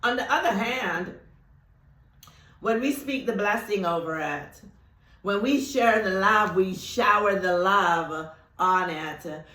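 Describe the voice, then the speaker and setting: A woman giving a spiritual teaching talk, whose first language is Thai, speaking emphatically, slowing down on key words and laughing often. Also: medium pitch, sharp tone. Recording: roomy echo.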